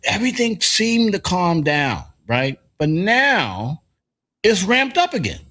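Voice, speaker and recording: A man's voice: sits high, huge pitch swings, takes it slowly, sharp tone. A man hosting a morning talk show, telling loose, profane stories and laughing often. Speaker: show host. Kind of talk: casual morning show banter.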